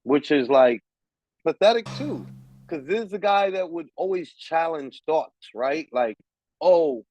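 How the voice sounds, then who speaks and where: A man's voice: fairly high pitch, lively intonation, unhurried, a little mellow, dry recording, lo-fi sound. A man hosting a podcast, ranting in heated, profane, emphatic casual talk. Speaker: podcast host. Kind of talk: casual chat.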